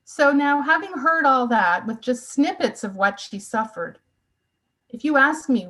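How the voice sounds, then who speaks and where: A woman's voice: high-pitched, expressive, measured pace, fairly bright tone, rough recording. A woman in her sixties gives a personal testimony talk, telling her family's story with earnest, emotional emphasis. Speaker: speaker.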